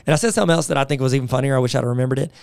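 A man's voice: mid-range voice, racing, creaky, clear, resonant tone, dry recording, clean studio sound. A man co-hosting a comedy podcast, telling rambling joking anecdotes in casual chat. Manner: jokey storyteller, rambling anecdotes. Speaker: podcast co-host.

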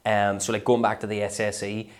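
A Northern Irish comedian in a casual podcast interview, rambling and self-deprecating, full of fillers and restarts. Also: male voice, on the low side, little pitch movement, a little fast. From Northern Ireland. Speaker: comedian guest.

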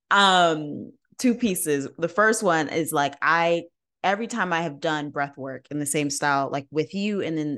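A woman, the host of a relaxed talk, recounts her experiences with animation and plenty of laughter. Her voice sits slightly low for a woman. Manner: animated storyteller, laughs easily. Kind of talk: casual podcast conversation.

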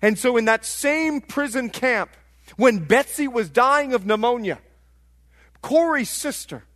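A middle-aged man from Liberia preaching a sermon, telling stories and acting out voices, swinging from hushed tones to shouting. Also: very high voice, animated, measured pace.

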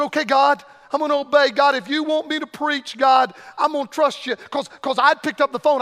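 A man in his sixties preaching a revival sermon as a visiting evangelist, fiery, swinging between shouts and low murmurs. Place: church sanctuary. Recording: reverberant church hall.

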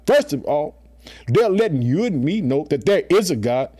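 A man's voice: a little high, very animated, moderate pace, mellow, slightly rough. A man preaching a sermon in a colloquial, emphatic way, calling his listeners family and often saying "guess what" and "let me tell you something.".

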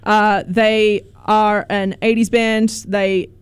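A woman's voice: medium pitch, level tone, slow pace, clean tone. Chatty woman radio host. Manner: chatty, laughs often, asks questions. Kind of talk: casual radio chat.

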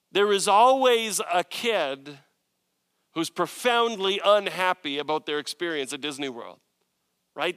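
A man's voice: high voice, a bit bright, clear, resonant tone, no room sound. A male pastor preaching a sermon in an earnest, conversational way, often searching for words and restarting.

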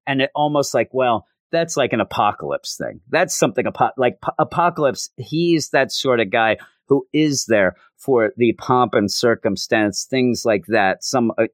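A man's voice: mid-range voice, dry recording, clean studio sound. A man hosting a podcast, talking through a comic in a rambling, self-interrupting way. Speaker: podcast host. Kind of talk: casual comic book review.

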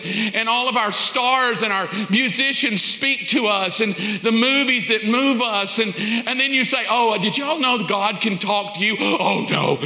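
A man preaching a sermon as pastor, building repeated appeals and sometimes dropping to a hushed whisper. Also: very high voice. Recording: echoey hall.

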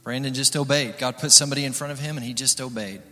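A man's voice: mid-range voice, fairly even intonation, fast talker, pushed and bright, long reverb tail. A male pastor preaching an encouraging sermon, rallying the congregation.

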